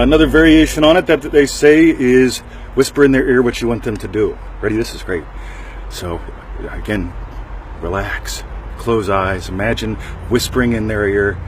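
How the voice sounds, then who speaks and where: A man's voice: on the low side, expressive, normal speed, background noise. A middle-aged man hosting a casual talk show, rambling and joking with frequent asides to his listeners. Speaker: podcast host.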